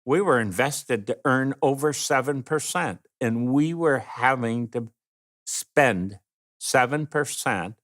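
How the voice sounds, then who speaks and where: Older man, oral history interview, unhurried anecdotes, mid-pitched voice, acts out the people he quotes. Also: fairly bright tone.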